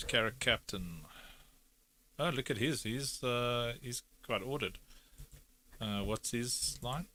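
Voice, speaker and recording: A man's voice: mid-range voice, takes it slowly, pushed and bright. Chatty man thinking aloud while editing. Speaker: film editor, streaming host. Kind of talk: casual live editing chat.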